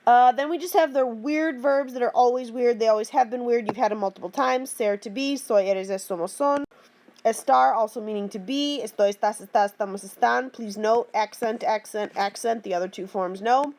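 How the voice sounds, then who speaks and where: A woman's voice: a little high, fairly quick, a little mellow. A woman teaching a grammar lesson, explaining patiently and checking in with the class with frequent "okay?" and "right?". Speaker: Spanish teacher.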